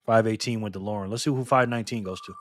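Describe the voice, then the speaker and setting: A middle-aged man hosting a casual live stream, lively and teasing, laughing often as he reacts to chat. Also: on the low side, racing, a little hiss or hum.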